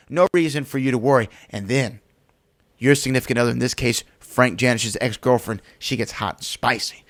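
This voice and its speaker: A man hosting a podcast in casual chat, telling stories in an animated, teasing way. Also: medium pitch. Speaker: podcast host.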